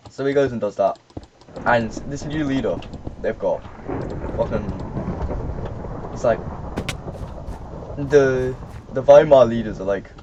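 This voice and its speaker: A man rambles through a casual, sweary explanation of history, loose and offhand, trailing off as the game he's playing distracts him. His voice is mid-range, and the recording is muffled with background noise.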